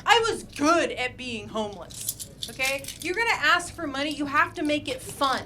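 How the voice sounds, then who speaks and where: Crude deadpan stand-up woman. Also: high-pitched, normal speed, noisy background. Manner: crude, deadpan storytelling with frequent swearing. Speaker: stand-up comedian. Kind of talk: stand-up comedy set. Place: comedy club stage with audience laughter.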